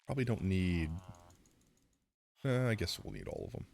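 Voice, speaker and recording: A man's voice: sits low, huge pitch swings, normal speed, creaky. A man streaming live with a sore throat, rambling casually into a close mic while he plays. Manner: rambling, self-deprecating, reacts loudly.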